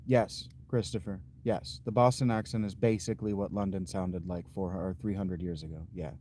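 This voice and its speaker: A man with a lowish, mellow voice hosts a livestream, answering his chat in a slow, dry, blunt way. He thinks out loud, trailing off and restarting his sentences. A faint hiss of noise sits under the recording. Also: steady tone. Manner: unhurried, thinks aloud with fillers and restarts. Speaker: livestream host. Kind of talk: casual chat reading viewer comments.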